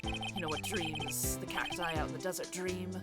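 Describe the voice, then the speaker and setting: A woman voicing a Wild West cowboy detective man with a put-on Southern US drawl, slow and folksy. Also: on the low side, fairly even intonation, natural voice. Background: loud game music.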